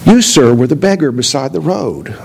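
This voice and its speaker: Humble young guy from a parable, preacher reading his lines, slightly high voice. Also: lively intonation, normal speed, gravelly, a little hiss or hum. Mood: astonished. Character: poor young man, humble and surprised.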